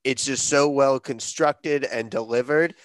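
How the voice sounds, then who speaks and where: A man's voice: medium pitch, measured pace, dry recording. Laid-back man who swears freely. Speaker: podcast panelist. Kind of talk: casual discussion.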